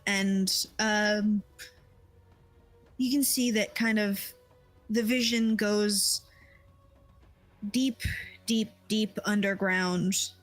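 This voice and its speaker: A young woman game master narrates a tabletop game slowly, with lots of halting "um"s and "like"s between phrases. Her pitch is mid-range for a woman, with faint music underneath. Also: rough recording. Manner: halting, full of fillers like "um" and "like".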